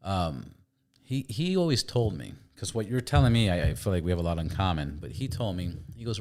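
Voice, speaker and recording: A man's voice: deep voice, very animated, fairly quick, a little mellow. A man hosting a podcast in a candid, chatty conversation, swearing casually. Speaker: podcast host. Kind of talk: casual chat.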